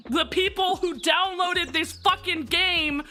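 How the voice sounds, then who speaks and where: A young woman streaming a game live, muttering to herself, swearing freely and breaking into sarcastic rants and loud outcries. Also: very high voice, steady tone, slow pace. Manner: bursts into loud laughing outcries. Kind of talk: live gameplay commentary. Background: faint background music.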